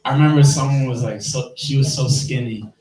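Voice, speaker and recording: A man's voice: mid-range voice, fairly even intonation, a little fast, darkish tone, echoey room, far from the mic, poor audio. A man with a Midwestern accent doing rambling, self-deprecating stand-up, laughing at his own jokes. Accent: Midwestern American. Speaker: stand-up comedian. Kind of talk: stand-up comedy set on a live stream.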